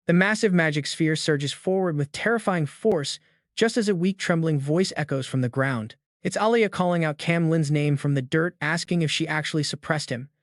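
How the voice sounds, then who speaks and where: A man's voice: fairly high pitch, no room sound. Man narrating a story recap, dry.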